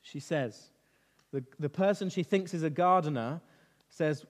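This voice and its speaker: Guy running a kids bible lesson, keeps quizzing them, highish voice, echoey church hall. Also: measured pace. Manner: lively, quizzing children with questions. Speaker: children's talk leader. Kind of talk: interactive Bible lesson for children. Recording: reverberant hall.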